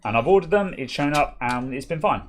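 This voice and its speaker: A man's voice: on the high side, lively intonation, brisk. A man co-hosting a tech repair stream, talking casually and rambling with lots of fillers. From United Kingdom. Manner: rambling, filler-heavy, laid-back. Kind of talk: casual chat.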